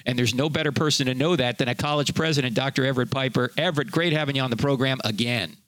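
A man's voice: medium pitch, quick pace, fairly bright tone, no room sound. A man hosting a radio talk show, speaking conversationally with fillers as he interviews a guest and plugs his book.

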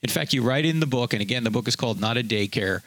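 A man's voice: medium pitch, expressive, fast talker, a bit bright, no room sound. A man hosting a radio talk show, speaking conversationally with fillers as he interviews a guest and plugs his book.

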